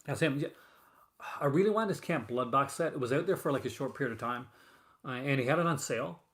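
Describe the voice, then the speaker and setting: A man's voice: medium pitch, lively intonation, quick pace, a bit bright. A man hosting a casual stream, rambling and full of fillers and restarts as he chats with viewers. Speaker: host of a horror film collecting show. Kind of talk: casual live-stream chat.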